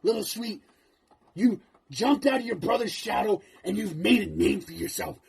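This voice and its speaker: A man's voice: high-pitched, moderate pace, gravelly, a little mellow. A man cutting a menacing, profane wrestling promo, taunting his opponent. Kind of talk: trash-talking wrestling promo.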